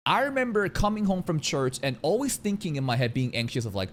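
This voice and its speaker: A man hosting an anime reaction, talking casually in an animated, slangy and profane way, often saying "bro". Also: mid-range voice, moderate pace, slight background noise.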